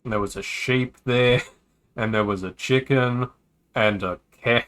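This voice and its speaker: In an unhurried, medium-pitched voice that's a bit bright and clean in tone, a man reads a visual novel's dialogue on his stream. His style is casual, with joking asides slipped between the lines.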